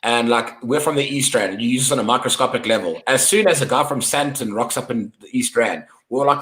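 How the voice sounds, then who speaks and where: A man's voice: medium pitch, very animated, brisk, a bit bright. A South African man hosting a casual podcast chat, rowdy and profane. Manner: rowdy, profane, mimics voices for laughs. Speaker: podcast host.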